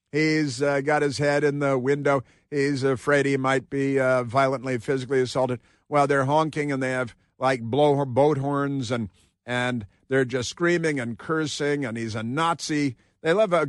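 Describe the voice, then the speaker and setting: A man's voice: medium pitch, fairly even intonation, moderate pace, no room sound, studio quality. A man hosting a political talk radio show, delivering a combative, sarcastic monologue that rambles with frequent restarts.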